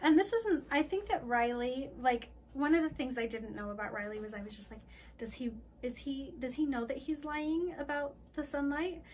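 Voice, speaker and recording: A woman's voice: high voice, moderate pace. A woman co-hosting a podcast, retelling a book in casual chat and acting out the characters' lines with laughter. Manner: animated retelling with acted-out quotes and laughter. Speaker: podcast co-host.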